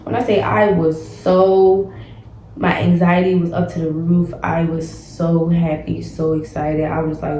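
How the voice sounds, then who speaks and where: A woman's voice: deep voice, level tone, normal speed. A woman hosting her own podcast, telling a personal story in a casual, rambling way and repeating her phrases often. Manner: rambling and repetitive, heavy use of "like". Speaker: podcast host. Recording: echoey room with faint music.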